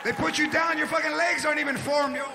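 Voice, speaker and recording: A man in his forties doing animated stand-up comedy, shouting punchlines on stage at a live show with audience laughter. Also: very high-pitched, fast talker, crowd noise, background noise.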